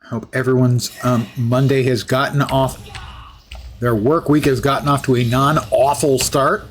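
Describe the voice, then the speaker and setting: A man's voice: mid-range voice, steady tone, unhurried, slight background noise. A man live-streaming a game, chatting in a rambling, self-deprecating way. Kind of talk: live gameplay commentary.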